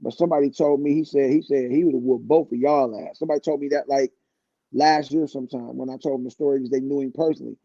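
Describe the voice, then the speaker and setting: A man's voice: medium pitch, fairly even intonation, quick pace, vocal fry, mellow, no room sound, highs cut off. A man in his fifties, a guest singer on a radio show, telling a long, laid-back story with plenty of restarts. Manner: laid-back, rambling anecdotes with frequent restarts. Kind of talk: casual storytelling.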